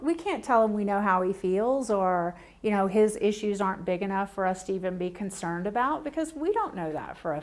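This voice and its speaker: A woman presenting a training workshop to a small group. She speaks conversationally, asks the audience direct questions and acts out everyday exchanges. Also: medium pitch.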